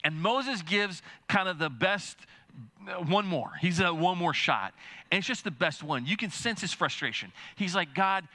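Animated male preacher, bright voice. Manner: animated, acts out quoted voices with big pitch jumps; halting with frequent repeated words. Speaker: pastor. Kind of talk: sermon.

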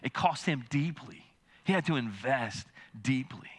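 A man preaching a sermon, animated and halting, with many repeated words and quoted voices acted out. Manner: animated, acts out quoted voices with big pitch jumps. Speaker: pastor.

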